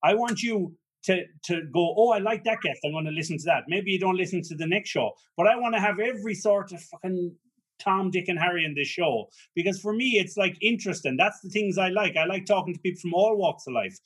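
A man's voice: high-pitched, brisk, a bit bright, breathy edge. A man hosting a podcast, talking in casual chat with enthusiasm and some swearing. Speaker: podcast host.

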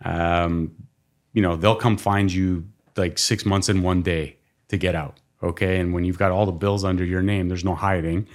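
A man as a podcast guest, telling stories in a casual, animated way, often laughing and imitating people. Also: deep voice, moderate pace. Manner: laughing, animated storyteller who mimics people. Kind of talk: casual storytelling.

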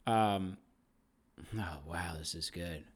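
A man's voice: deep voice, slow. A man co-hosting a podcast in casual banter, playful and mock-pondering, laughing often. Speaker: podcast co-host.

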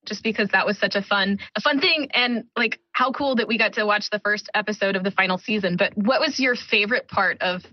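An enthusiastic woman co-hosting a podcast, chatting casually and filling her talk with "like." Her voice sits in a middle pitch. It was recorded with a dull, muffled tone and no room sound. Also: brisk, hardly any pauses, dry recording. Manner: enthusiastic, uses "like" a lot. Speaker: podcast co-host. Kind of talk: casual chat.

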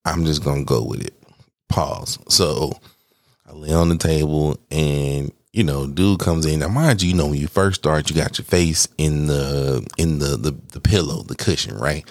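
A man casually telling a personal story, slangy and animated, swearing and talking straight to his listeners. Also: extremely low pitch, moderate pace, dry recording, studio quality. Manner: acts out quoted lines in a raised voice.

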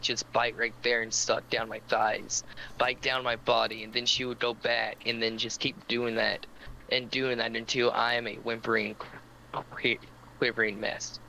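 A man's voice: mid-range voice, creaky, pushed and bright, a little hiss or hum, low-quality recording. A man co-hosting a podcast, telling a long story in casual chat, rambling with lots of fillers, and stammering when he gets teased. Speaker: podcast co-host.

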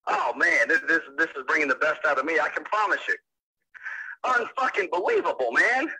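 A man's voice: on the high side, fast, sharp tone. A man on a phone call, cursing in furious disbelief as a prank call victim. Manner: profane, furious, disbelieving outbursts. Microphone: telephone line.

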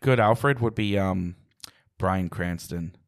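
A man co-hosting a casual chat, animated and swearing, sliding into silly impressions now and then. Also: sits low, takes it slowly. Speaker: podcast co-host.

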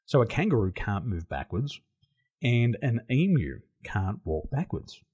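A middle-aged Australian man telling stories as an interview guest, animated and laughing often. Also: mid-range voice, unhurried, slightly rough. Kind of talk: casual interview storytelling.

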